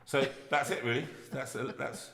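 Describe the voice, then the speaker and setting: A man's voice: medium pitch, fairly even intonation, moderate pace, vocal fry, a bit bright, echoey room, in a large hall. A man hosting a live chat show, joking and rambling in a self-mocking way. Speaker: singer and show host. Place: music room.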